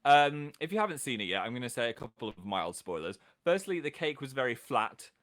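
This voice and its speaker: A man with a medium-pitched, sing-song voice hosts a casual livestream, talking briskly with a slightly bright tone. He chats playfully and reads viewer comments aloud, joking at his own expense.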